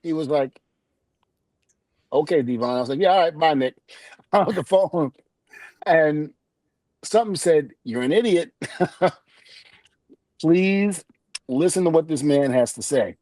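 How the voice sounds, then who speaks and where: A middle-aged man tells a story on a podcast, with a fairly high-pitched voice. He acts out every quoted line and laughs as he goes. His voice is close and dry, with no room sound. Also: animated, slow, pauses often, darkish tone, no room sound. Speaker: podcast guest. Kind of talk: casual storytelling chat.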